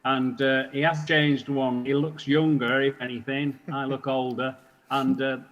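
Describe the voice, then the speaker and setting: A man chatting as a cheerful, relaxed guest. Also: medium pitch, measured pace, muffled recording. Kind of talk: casual chat.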